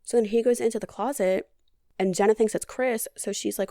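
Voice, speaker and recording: A woman's voice: fairly high pitch, steady tone, a little fast, warm tone, no echo. A woman hosting a podcast, recapping a movie in a chatty, casual way with dry, sarcastic humor and a lot of "like". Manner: chatty, heavy on "like". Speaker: podcast host.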